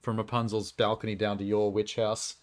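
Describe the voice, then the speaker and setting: A man's voice: on the low side, flat delivery, normal speed. A man streaming a building game and chatting casually, joking and laughing often. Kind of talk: casual live-stream chat while playing a game.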